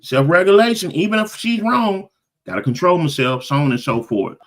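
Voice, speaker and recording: A middle-aged man co-hosting a casual podcast, reading out viewer comments with lively, preacher-like emphasis. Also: high voice, moderate pace. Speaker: podcast co-host.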